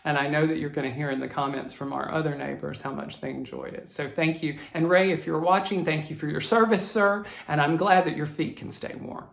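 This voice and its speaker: A flosstube host telling a viewer's story in a chatty, animated way and reading from viewer emails. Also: medium pitch, brisk, gravelly, few pauses. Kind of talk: casual storytelling vlog. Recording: roomy echo.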